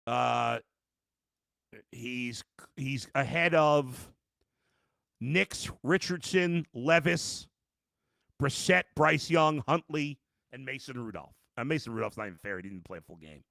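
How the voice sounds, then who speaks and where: A man's voice: mid-range voice, slow, vocal fry, long pauses, a bit bright, no room sound. A middle-aged man hosting a live sports podcast, ranting emphatically at viewers with lots of restarts. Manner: addresses viewers directly as folks. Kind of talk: live postgame reaction podcast.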